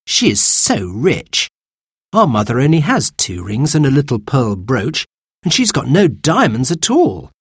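A man's voice: mid-range voice, wildly swooping pitch, unhurried, breathy edge, dry recording, clean studio sound, pitched above the performer's own voice, full character voice. A man doing an earnest young girl. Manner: pleading, bright.

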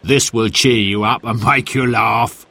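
A man's voice: medium pitch, fairly even intonation, a little slow, vocal fry, pushed and bright, full character voice. A man voicing a teasing, scheming grown brother in a storybook reading, with a chuckling manner. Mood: amused.

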